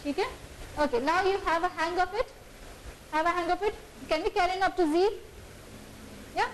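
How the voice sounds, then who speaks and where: A woman's voice: extremely high pitch, fairly quick. A woman training teachers in phonics, prompting the group for words and explaining how intonation keeps children engaged. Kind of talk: instructing a phonics class. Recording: noisy room recording.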